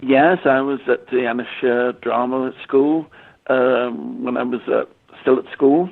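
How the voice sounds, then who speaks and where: An English man in his sixties, a medium, answering interview questions in a halting way, often repeating words and using fillers. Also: mid-range voice, steady tone, vocal fry. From England. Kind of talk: conversational interview. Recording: tinny phone-line audio.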